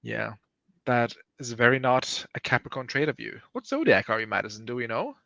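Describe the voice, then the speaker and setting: A bright-voiced man banters playfully on a live stream, reading chat messages and laughing at his own jokes. His voice is forceful and clear, captured dry and close to the mic. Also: mid-range voice, sing-song, a little fast, no echo, highs cut off. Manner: playful, joking, laughs often. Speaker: podcast co-host reading chat.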